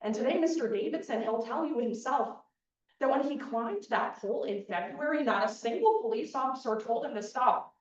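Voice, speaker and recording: A young woman giving a persuasive opening statement as plaintiff attorney in a mock trial, speaking in a measured way straight to the jury. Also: on the high side. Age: young adult. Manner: measured, addresses the jury directly. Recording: dull, echoey hall from far off.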